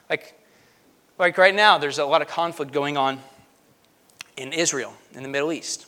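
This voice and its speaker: High-voiced, lively man preaching. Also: fairly quick. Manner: lively and emphatic, jokes asides, swings between loud and hushed. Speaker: pastor. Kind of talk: sermon.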